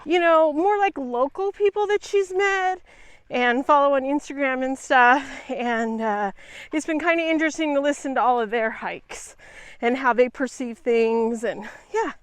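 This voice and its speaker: A woman's voice: sits high, moderate pace, no room sound. A woman chatting casually and upbeat while out hiking on a mountain trail, filming herself on a small handheld camera. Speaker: vlogger.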